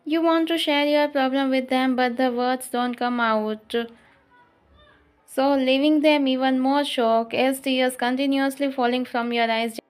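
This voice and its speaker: A woman reads a fanfiction story aloud, addressing the listener as the heroine. Her voice is slightly high and she reads plainly and evenly, pausing now and then. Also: fairly even intonation, clean tone, faint music behind. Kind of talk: second-person fanfiction narration.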